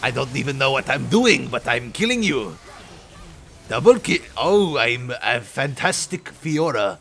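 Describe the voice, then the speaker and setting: A man's voice: medium pitch, sing-song, measured pace, vocal fry, a bit bright, exaggerated voice. A man voicing a boastful female French duelist in a hammy mock French accent while joking during gameplay. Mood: gloating.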